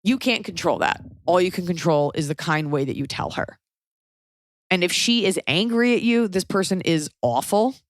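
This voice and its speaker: A woman's voice: lowish voice, normal speed, no room sound, studio quality. A woman podcast host giving blunt, frank advice in casual chat, swearing freely and acting out quoted people. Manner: blunt, swears, animated quoting.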